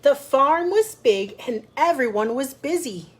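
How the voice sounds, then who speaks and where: A woman's voice: high-pitched, animated, a little slow. A woman librarian leading a children's storytime, chatting directly to young listeners and reading a picture book aloud.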